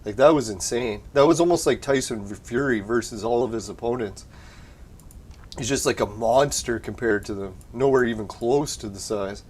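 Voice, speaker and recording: A man's voice: medium pitch, moderate pace, darkish tone, slight background noise. Guy streaming a game at home, laid-back, cussing and laughing, desk mic. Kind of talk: casual live-stream chat. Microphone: desk mic through a soundboard.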